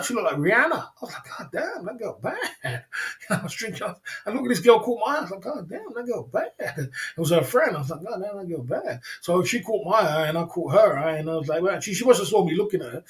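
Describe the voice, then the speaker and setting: A man telling a rambling, slangy story on a livestream. He repeats himself and laughs often. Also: high voice. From England. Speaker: livestream host.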